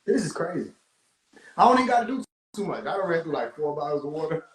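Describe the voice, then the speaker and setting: A young adult man talking on a phone livestream in an animated, profane way, laughing often. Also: on the high side, fast, echoey room, a little hiss or hum, low-quality recording. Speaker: livestream host. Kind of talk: casual livestream rant.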